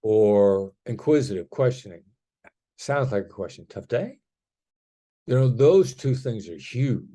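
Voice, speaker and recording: A negotiation expert in middle age, appearing as a podcast guest, uses a lowish, dark voice with lively intonation and a measured pace. He lays out his ideas conversationally, performing the tone changes in each example.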